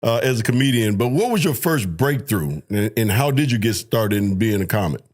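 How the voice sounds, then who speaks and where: A man's voice: fairly low pitch, expressive, brisk, a little mellow. A man co-hosting who asks the guest questions casually, with small restarts. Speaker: co-host.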